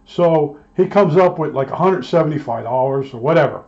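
A man tells a casual, rambling story about his work as an electronics technician, slipping into the back-and-forth of old arguments. His voice sits a touch high for a man. The recording sounds dull and lo-fi. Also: expressive, a little fast, a little mellow. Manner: rambling, acts out both sides of old arguments.

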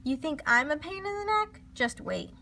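A woman's voice: high-pitched, normal speed, faint music behind, voice pushed up, full character voice. A woman doing a jumpy prankster schoolboy. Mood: excitable. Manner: excitable, insistent. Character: jumpy young schoolboy, prankster, convinced of vampires.

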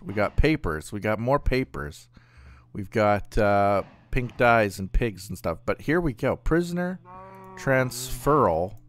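A man's voice: fairly low pitch, fairly bright tone. A man hosting a gaming channel, thinking aloud in casual gameplay commentary with plenty of fillers and trailing thoughts.

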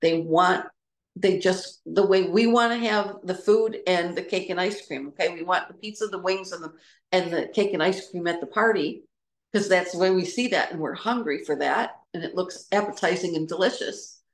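A middle-aged woman giving an informal, reflective talk about personal experience, pausing and restarting as she searches for words. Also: lowish voice, roomy sound. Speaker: trauma recovery speaker.

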